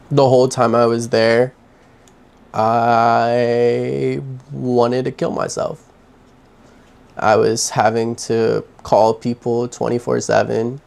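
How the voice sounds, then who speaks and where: A young man vlogging from his home, telling his own story in a candid, halting way with heavy sighs. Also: medium pitch, creaky, a little mellow. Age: young adult. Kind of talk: personal confessional story.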